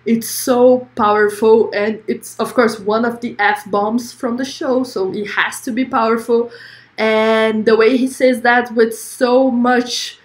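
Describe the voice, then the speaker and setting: A woman's voice: a little high, little pitch movement, takes it slowly, echoey room. A young woman hosting a livestream, chatting effusively and reading viewer comments aloud. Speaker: livestream host. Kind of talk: casual livestream chat.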